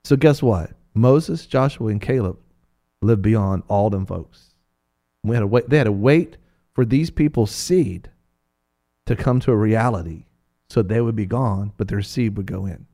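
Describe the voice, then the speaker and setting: With a lowish voice and a measured pace, a man teaches from the Bible in a preaching talk, playfully and energetically acting out the voices of biblical characters.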